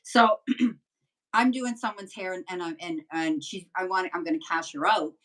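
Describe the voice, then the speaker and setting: An older woman with a lowish voice tells long, rambling stories as a medium guest in a relaxed interview. She sounds a little distant from the microphone. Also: moderate pace. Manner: rambling, chatty anecdotes. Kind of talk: casual storytelling interview.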